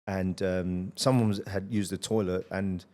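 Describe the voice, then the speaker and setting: A middle-aged man with a fairly low voice hosts a podcast in relaxed conversation. He tells energetic, blunt anecdotes and swears freely. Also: measured pace. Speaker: podcast host. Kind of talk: casual conversational storytelling.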